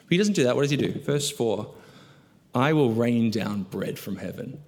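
A male pastor preaching a sermon, asking rhetorical questions and moving between loud emphasis and hushed, low asides. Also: lively intonation, moderate pace. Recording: long reverb of a large hall.

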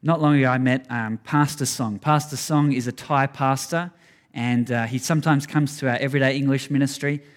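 A man's voice: medium pitch, fairly even intonation, brisk. Earnest man preaching. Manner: earnest, conversational, direct to congregation. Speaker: pastor. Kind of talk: sermon.

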